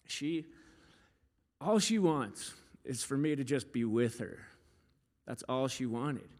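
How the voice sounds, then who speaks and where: A man's voice: medium pitch, slow pace, in a large hall. A young man preaching a sermon as pastor, in a casual, storytelling way with frequent fillers. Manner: casual, storytelling, animated when quoting.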